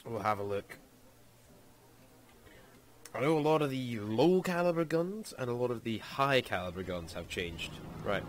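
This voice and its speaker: A man with a Scottish accent giving casual, excitable commentary over gameplay as a gaming YouTuber. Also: mid-range voice, measured pace, pauses often, slight background noise. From Scotland. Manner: excitable, exclaims often.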